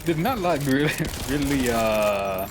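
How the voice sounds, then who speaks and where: A man chatting casually while playing a co-op game, halting and giggly. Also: medium pitch, lively intonation, background noise. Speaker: co-op player. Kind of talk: casual gaming chat. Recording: voice chat over game music.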